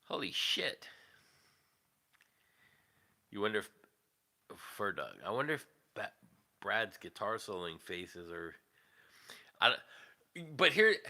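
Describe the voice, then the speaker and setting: A man hosting a casual livestream, talking in a rambling, profane, animated way. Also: mid-range voice. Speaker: livestream host.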